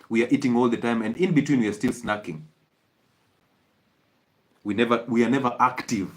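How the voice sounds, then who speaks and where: A Kenyan-accented man delivers a health talk as a doctor. He presses his points hard, fires off rhetorical questions and repeats key phrases for emphasis. His voice sits at an ordinary male pitch. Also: brisk, long pauses.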